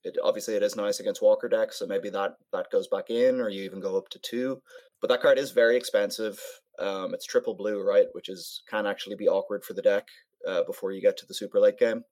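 A man in a casual card-game chat, speaking in a relaxed, matter-of-fact way. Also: on the low side, brisk.

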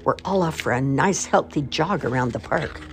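An older woman voicing a bossy mother elephant in a storybook reading, brisk, firm and stern. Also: low voice, expressive, a little hiss or hum.

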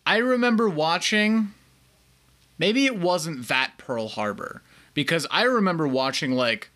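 A man co-hosts a casual movie podcast, relaxed and ready with dry one-liners. His pitch moves a lot, and his tone has a bright, forward edge. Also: unhurried. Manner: laid-back, wry one-liners. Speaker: podcast co-host. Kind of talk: casual movie review chat.

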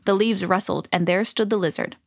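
A woman reading a children's storybook aloud in an expressive, animated way. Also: medium pitch, fairly quick, vocal fry, dry recording, clean studio sound.

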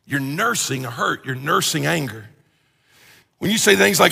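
Gravelly high-voiced preacher man. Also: normal speed, big-room sound. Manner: animated, joking, acts out everyday quotes. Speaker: pastor. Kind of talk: conversational sermon.

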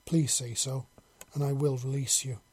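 A man voicing a gentle, devoted female alien who speaks softly and reassuringly in a storybook reading. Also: mid-range voice, level tone, normal speed, husky, natural voice. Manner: soft, reassuring.

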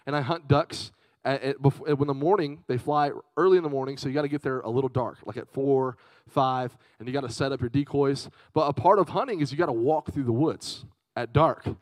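A young man preaching to a youth group with a fairly high voice, swapping between storytelling and shout-outs to the crowd. His delivery is chatty and lively, and the sound is close and dry with little room echo. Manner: lively, chatty, calls out to the audience. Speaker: youth speaker. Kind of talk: youth sermon with personal storytelling.

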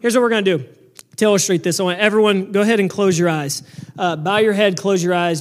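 A man with a strikingly high voice preaches a sermon into a microphone. He is loud and earnest and often stumbles and repeats words as he drives his point home. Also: steady tone, fast talker. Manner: loud, earnest, repetitive restarts. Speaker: pastor.

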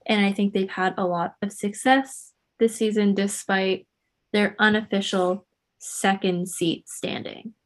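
A woman's voice: fairly even intonation, a little slow. A woman co-hosting a podcast in casual chat, talkative and acting out what people said. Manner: chatty, acts out quotes with jumps in pitch. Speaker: podcast co-host. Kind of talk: casual chat about motor racing gossip.

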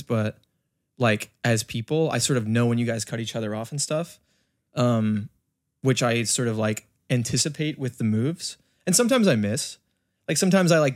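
A relaxed young man chats as a podcast guest, rambling and a little self-deprecating. His voice is recorded close and dry, with no room around it. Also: medium pitch, no echo. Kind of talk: casual chat.

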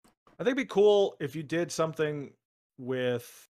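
A man's voice: a little high, lively intonation, a little slow, darkish tone. A man co-hosting a casual chat, eager and rambling with lots of fillers. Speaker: podcast co-host.

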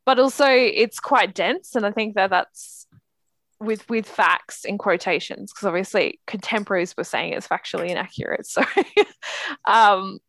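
A woman in an easy, rambling chat about a novel she found heavy going. Her sentences wander with frequent fillers and restarts. Her voice sits at a middling pitch, recorded close and dry. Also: moderate pace, vocal fry, a bit bright, no echo. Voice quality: chatty, many fillers and "like". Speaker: podcast co-host discussing books. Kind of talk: casual book chat.

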